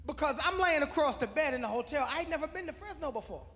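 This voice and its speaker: High voiced guy telling his side deadpan on stage, hall reverb. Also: fast talker. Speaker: comedian's friend, guest. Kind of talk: stand-up storytelling. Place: large live comedy venue. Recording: live venue with long reverb.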